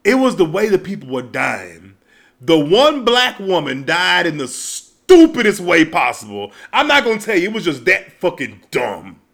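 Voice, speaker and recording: A man, hosting and ranting casually and comedically about a movie, profane, with shouted outbursts. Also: sits high, big pitch swings, normal speed, gravelly.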